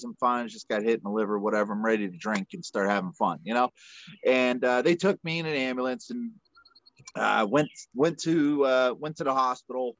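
Man, retired fighter, podcast guest, rambling, animated, muffled dry audio. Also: medium pitch, dry recording. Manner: rambling, animated, many fillers. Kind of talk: casual storytelling.

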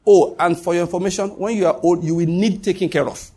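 A man preaches as pastor in a fairly high, husky voice. He hammers his points home, repeating them, with his pitch leaping up and dropping low. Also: fairly even intonation, fast talker, dark tone. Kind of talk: sermon.

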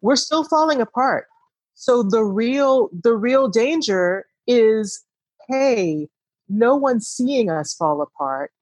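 A woman's voice: on the high side, expressive, slow pace, a little mellow, dry recording, rough recording. A woman co-hosting a podcast, speaking candidly and reflectively in a casual, heartfelt conversation. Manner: reflective, candid, rising emphasis. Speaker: podcast co-host.

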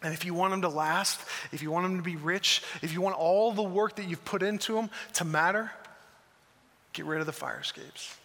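A man's voice: high-pitched, steady tone, brisk, hardly any pauses, sharp tone. A man preaching a sermon as pastor, earnest and emphatic, with a microphone in a church hall. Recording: long reverb of a large hall.

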